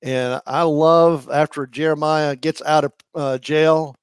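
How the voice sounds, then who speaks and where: A man's voice: a little high, steady tone, slow pace, smooth, dry recording. A man preaching a sermon, speaking earnestly and building to impassioned emphasis.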